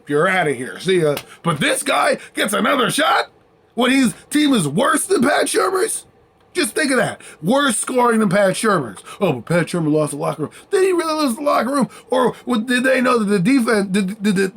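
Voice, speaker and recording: A man's voice: extremely high pitch, vocal fry, fairly bright tone, husky. A man ranting as a sports commentator, heated and sarcastic, mocking and repeating his points for emphasis. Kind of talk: fired-up sports rant.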